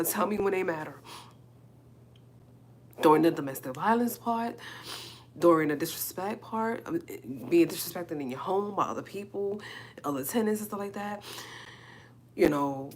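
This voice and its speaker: A woman, hosting a live stream and speaking a halting, emotional personal monologue, repeating herself as she holds back tears. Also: lowish voice, a little hiss or hum. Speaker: livestream host. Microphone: phone or webcam on a live stream.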